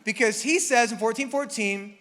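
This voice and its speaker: A man's voice: very high-pitched, moderate pace, fairly bright tone, long reverb tail. A man preaching a casual, joking sermon as pastor, acting out Bible characters with the congregation. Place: church hall.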